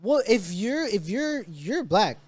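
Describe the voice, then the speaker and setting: A man's voice: sits high, slow, husky, dry recording. A man chatting casually on a podcast, telling stories with lots of acted-out quotes, swearing and laughter. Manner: animated storyteller, acts out quoted people with swearing and laughs. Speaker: podcast co-host.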